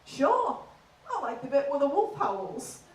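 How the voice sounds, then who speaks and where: A woman voicing an easygoing Yorkshire man with a Yorkshire accent, unbothered and relaxed, on a stage heard from afar in a roomy hall. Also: sits high, unhurried, far from the mic. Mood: laid-back. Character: laid-back male Yorkshire fella.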